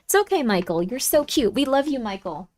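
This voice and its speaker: A woman's voice: high-pitched, sing-song, fairly quick, darkish tone. A young woman streaming and chatting casually with viewers, giggly and easily moved, with lots of fillers.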